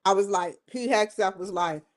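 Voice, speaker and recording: A woman's voice: mid-range voice, moderate pace. A woman hosting her own livestream show, rambling and joking between topics, often breaking into laughter. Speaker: host. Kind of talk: casual livestream chat.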